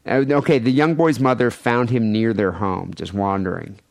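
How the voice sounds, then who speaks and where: A man on a podcast, somewhat low-pitched, talking loosely and crudely while he works through a news story. His voice is recorded very dry and close to the mic. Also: fairly even intonation, moderate pace, creaky, darkish tone, dry recording. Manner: storytelling, reading a news item with joking asides. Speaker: podcast co-host. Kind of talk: casual crude podcast banter.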